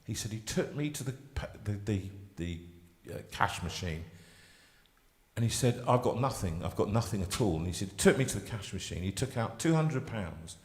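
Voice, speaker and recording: Male host, lowish voice, halting heartfelt storyteller, recorded with a long room echo. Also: lively intonation. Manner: halting, emotional storytelling with many restarts. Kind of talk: live chat show storytelling.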